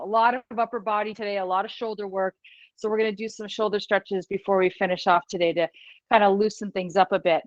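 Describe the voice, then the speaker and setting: A woman's voice: on the high side, a bit bright, dry recording, highs cut off. A woman leading a live online fitness class, cheering people on, counting down reps and often laughing. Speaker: fitness instructor. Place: small studio room.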